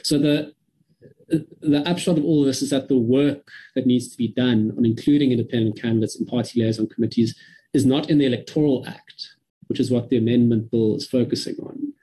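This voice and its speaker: South african guy briefing a committee on a video call, careful and measured, kinda husky. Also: medium pitch, fairly even intonation, mellow, low-quality recording. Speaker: presenter to a parliamentary committee. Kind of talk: formal briefing.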